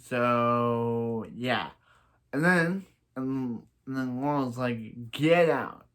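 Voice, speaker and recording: A man's voice: medium pitch, very slow, fairly bright tone, clear, resonant tone. A man casually recapping a TV episode as a reviewer, rambling through restarts and giving blunt opinions. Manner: rambling, stumbling over restarts.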